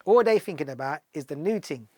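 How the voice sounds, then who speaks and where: Middle-aged man, rapid animated storytelling, slightly high voice, dry close mic. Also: no echo. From London. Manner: animated, acts out dialogue in the stories. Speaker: guest musician. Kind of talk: casual storytelling interview.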